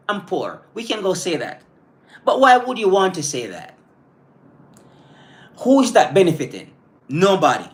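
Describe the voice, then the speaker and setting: Earnest man giving a motivational live stream. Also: high voice. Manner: earnest, repeats and restarts words while thinking; breaks off to greet live viewers.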